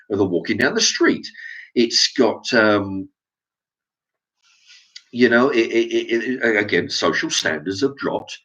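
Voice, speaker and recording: A middle-aged Englishman rants to camera in an opinion vlog, stumbling over restarts and swearing often. His voice is on the low side with a fairly bright tone, in a dull, lo-fi recording.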